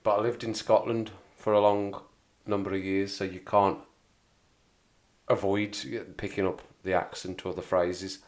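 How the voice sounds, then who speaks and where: West Midlands bloke hosting a chatty live stream, rambling, laughs a lot, lowish voice. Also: male voice, little pitch movement, unhurried. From Wolverhampton area, England. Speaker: livestream host. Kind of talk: casual livestream chat.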